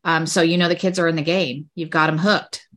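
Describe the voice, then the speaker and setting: Teacher lady on a video call, bright voice, chatty, walks through the steps. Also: deep voice, flat delivery, fairly quick. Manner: chatty, explains step by step with fillers. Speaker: podcast host and teacher. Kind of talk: casual explanation on a teaching podcast.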